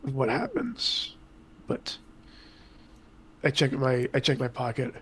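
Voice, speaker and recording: A man playing a tabletop game, with a sly, deadpan delivery for his character. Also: mid-range voice, measured pace, slightly rough. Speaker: player.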